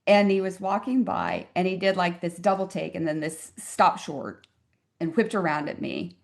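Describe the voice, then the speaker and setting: A woman's voice: lowish voice, very animated, normal speed, gravelly. A woman in her fifties, a physician guest on an interview podcast, telling stories in an earnest, reflective and emphatic way. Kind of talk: conversational interview storytelling.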